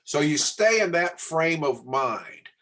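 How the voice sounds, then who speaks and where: A man's voice: a little high, sing-song, takes it slowly, fairly bright tone. A man teaching a real estate class, coaching in a plain way and often asking the class questions. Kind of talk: training class talk.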